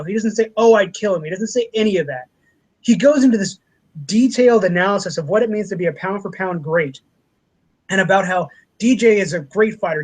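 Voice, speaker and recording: A man co-hosting a casual podcast, talking in a profane, animated way and acting out quotes from others. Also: sits high, low-quality recording. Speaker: podcast co-host.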